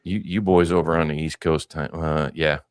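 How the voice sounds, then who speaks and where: A man hosting a casual movie podcast, animated and rambling, joking and swearing freely. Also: very deep voice, moderate pace, clean tone, no room sound, clean studio sound. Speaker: podcast host.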